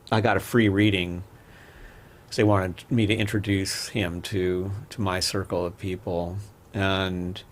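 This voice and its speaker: A man, a podcast guest, telling rambling personal stories in a candid, casual way with frequent restarts. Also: low-pitched. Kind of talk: casual interview storytelling.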